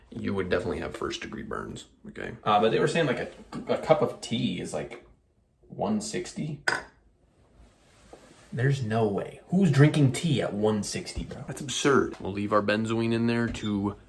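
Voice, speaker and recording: A man's voice: fairly low pitch, creaky, a little hiss or hum. A young man casually talking through a hobby perfume-mixing vlog, rambling and self-mocking with slangy asides.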